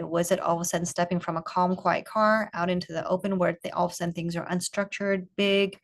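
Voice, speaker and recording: A woman with a fairly low-pitched voice leads an online parenting coaching group over a video call. She asks calm, curious questions and encourages the parents.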